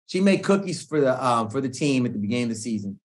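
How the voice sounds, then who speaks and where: A middle-aged man, a guest coach, telling stories in a relaxed podcast chat, slangy and animated, often acting out what people said. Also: medium pitch, quick pace. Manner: animated slangy storytelling, acts out quoted speech. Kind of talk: casual podcast conversation.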